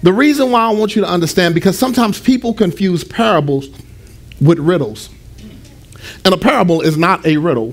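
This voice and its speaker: A male pastor preaching a storytelling sermon, animated, acting out the dialogue in his story. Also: high voice, fairly quick.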